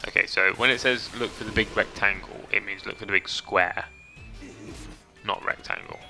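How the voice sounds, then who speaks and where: Guy streaming a game, low gravelly voice, very bright and cutting, faint game music under it. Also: steady tone, moderate pace. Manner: chatty, reads chat aloud, swears casually. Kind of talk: casual gameplay commentary.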